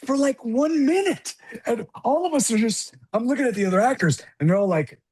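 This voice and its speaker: A middle-aged man from the South Bronx telling an animated, profane story as an interview guest, acting out the people in it. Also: very high-pitched, a little fast, slightly rough. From South Bronx, New York. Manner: animated, profane, acts out voices in anecdotes. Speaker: guest actor.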